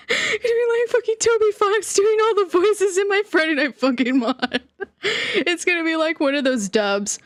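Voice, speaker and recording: A young woman with a high, bright-pitched voice chats on her stream in a loose, rambling way. She giggles often and lets her sentences trail off. She speaks slowly, and the sound is dry and close, with no room echo. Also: expressive. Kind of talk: casual livestream chat.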